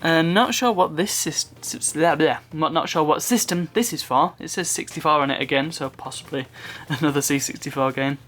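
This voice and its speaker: A man's voice: a little high, normal speed, few pauses, a bit bright. A man casually chatting through an unboxing, rambling off on asides and chuckling at his own remarks. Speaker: unboxing video host.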